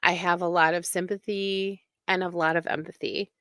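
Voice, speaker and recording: A woman's voice: lowish voice, little pitch movement, normal speed, fairly bright tone, dry recording. A woman hosting a casual commentary show, talking in an indignant, emphatic way. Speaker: commentary host.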